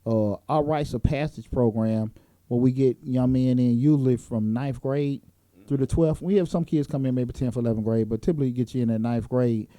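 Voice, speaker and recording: A man's voice: mid-range voice, steady tone, fairly quick, warm tone, no room sound. A man hosting a talk show in a casual, joking way, with plenty of fillers. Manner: laid-back, joking, lots of fillers. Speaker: host. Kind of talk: casual chat.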